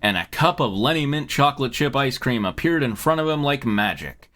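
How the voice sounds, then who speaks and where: Bright-voiced, animated male narrator. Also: mid-range voice, a little fast. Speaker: host and narrator. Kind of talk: reading fan fiction aloud, comedic.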